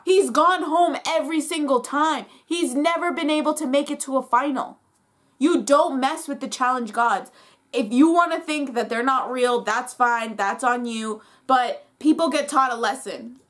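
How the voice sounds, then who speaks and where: A woman's voice: on the high side, fairly bright tone. A woman vlogger recapping a reality competition episode in a casual, opinionated way, fired up and full of "like".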